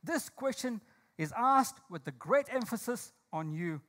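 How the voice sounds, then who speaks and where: A man preaching a sermon. He puts questions to the congregation, calls on listeners by name and slows down to stress his key lines. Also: very high voice, expressive, a bit bright. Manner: slow, emphatic delivery of key lines. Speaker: pastor.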